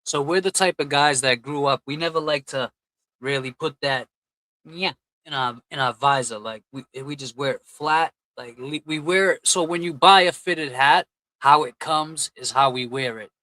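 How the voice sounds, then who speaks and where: A man's voice: a little high, normal speed, sharp tone, dry recording, poor audio. A man hosting a casual livestream, reading out and thanking chat donors in a loose, chatty way. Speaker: livestream host.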